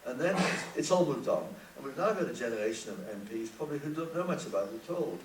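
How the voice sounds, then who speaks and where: An older man on a panel, recalling the past in halting speech full of repeated words. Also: mid-range voice, expressive. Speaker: panel guest. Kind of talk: reflective panel talk. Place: conference hall. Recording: roomy hall, distant mic, faint hiss.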